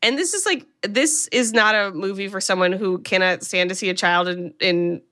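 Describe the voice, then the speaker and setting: A woman's voice: medium pitch, normal speed, pushed and bright. A woman co-hosting a podcast in casual chat, retelling a film's plot in a chatty way, swearing casually and quoting characters with small voice shifts. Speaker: podcast co-host.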